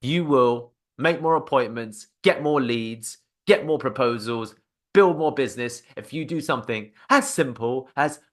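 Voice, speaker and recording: Male sales coach, medium pitch, upbeat teaching tone. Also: measured pace. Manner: energetic, acts out sample phone phrases. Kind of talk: instructional talk to camera.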